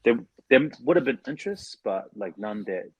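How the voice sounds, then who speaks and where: A man's voice: mid-range voice, animated, normal speed, husky, dry recording. A man in his forties from New Zealand, a former rugby league player, talking as a podcast guest in a laid-back, rambling way with lots of fillers. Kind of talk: casual interview chat. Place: podcast studio.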